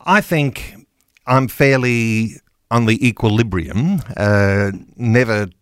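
Man, radio talk host, thoughtful and measured, dry studio sound. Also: mid-range voice, clear, resonant tone, no echo. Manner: measured, reflective, many fillers. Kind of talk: casual radio chat.

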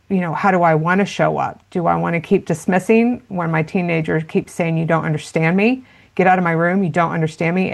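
Woman, parenting expert, interview, earnest, explanatory, gravelly. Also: fairly low pitch. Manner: earnest, explanatory, many fillers. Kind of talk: interview conversation.

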